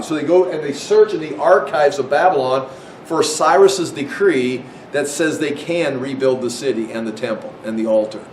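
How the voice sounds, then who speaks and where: A man's voice: moderate pace, a little mellow, far from the mic. A man giving an informal Bible history lecture, talking conversationally with frequent restarts and acting out quoted voices. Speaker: Bible teacher. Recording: echoey room with faint rumble.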